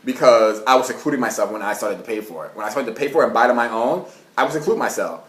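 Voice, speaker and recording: Animated young man. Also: medium pitch. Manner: animated, swearing, laughing, quick rants. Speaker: vlogger. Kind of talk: casual storytime monologue. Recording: roomy echo.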